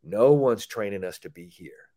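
A mental performance coach in a casual podcast chat, blunt and animated, swearing freely and acting out quotes. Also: male voice, fairly low pitch, normal speed.

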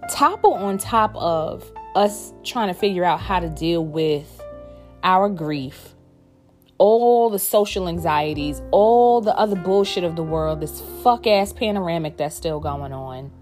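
A woman's voice: lowish voice, animated, unhurried, darkish tone. Woman, candid mother's talk, emphatic, profane, faint music behind. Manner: frank and profane, emphatic repetition. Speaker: parent talking to viewers. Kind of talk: candid personal talk to camera.

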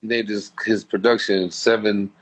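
A man's voice: fairly low pitch, level tone, a little slow. A man being interviewed as a guest, telling a personal story in a heartfelt, rambling, slangy way. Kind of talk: casual storytelling.

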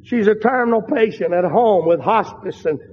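Older guy preaching slow and fervent, really high voice, dull recording with long hall echo. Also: husky. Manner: fervent preaching, drawn-out emphatic phrases. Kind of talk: sermon. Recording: dull lo-fi sound in a large reverberant hall.

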